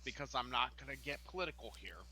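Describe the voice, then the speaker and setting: A man co-hosting a live-streamed talk show, speaking earnestly and emphatically in measured statements. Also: medium pitch, lively intonation, gravelly, pushed and bright, breathy edge, rough recording. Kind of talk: casual chat.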